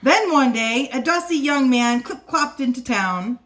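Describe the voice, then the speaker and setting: A woman reading a children's picture book aloud for a library storytime, playful and expressive, at home. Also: high-pitched, unhurried, background noise.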